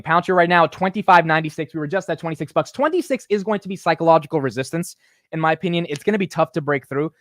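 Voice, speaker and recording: Excitable young guy doing market commentary, kinda high voice, super dry close mic. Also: no echo. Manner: excitable, hyped delivery with frequent fillers and restarts. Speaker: stock market show host.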